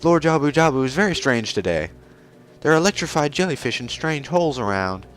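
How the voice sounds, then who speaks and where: A man's voice: fairly high pitch, big pitch swings, a little fast, pitched above the performer's own voice. Ruto, a bossy fish princess, voiced by a man. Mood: haughty. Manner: bossy, commanding. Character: haughty bossy young fish-princess girl. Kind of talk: gameplay commentary with voiced dialogue.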